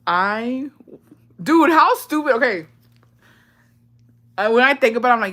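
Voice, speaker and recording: A woman's voice: mid-range voice, a little slow, pauses often, sharp tone. A young woman vlogger telling embarrassing childhood confessions in casual, profane slang, often breaking into laughter.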